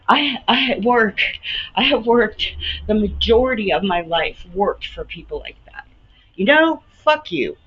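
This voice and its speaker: A woman in her late fifties venting to her camera in a casual, animated rant, swearing and laughing often. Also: mid-range voice, a little slow. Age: 50s. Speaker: vlogger. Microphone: camera mic. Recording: slightly muffled with faint background hiss.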